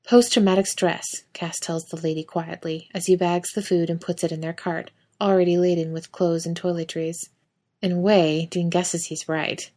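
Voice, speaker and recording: A woman reading fan fiction aloud in a soft, even narrating manner, speaking the quoted dialogue gently. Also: fairly low pitch. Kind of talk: audiobook-style story reading.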